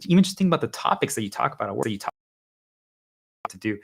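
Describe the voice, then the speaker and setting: A man's voice: mid-range voice, creaky, a bit bright. A male livestreamer giving an urgent, insistent motivational monologue to his viewers, hammering points home with repeated phrases.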